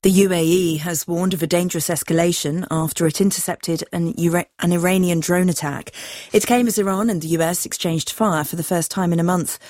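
A woman reading the world news in a measured, formal way. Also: fairly low pitch, steady tone, a little mellow, no room sound, studio quality. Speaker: newsreader.

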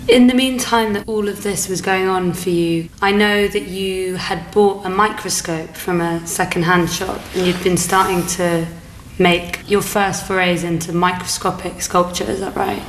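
A woman interviewing a guest and narrating a documentary, calm and measured. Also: mid-range voice, echoey room, slight background noise.

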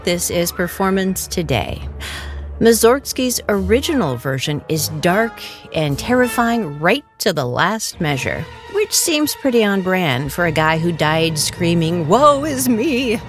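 A woman hosting a classical music radio program, telling the story behind the music with a wry edge. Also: fairly low pitch. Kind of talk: scripted radio presenting. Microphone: studio microphone.

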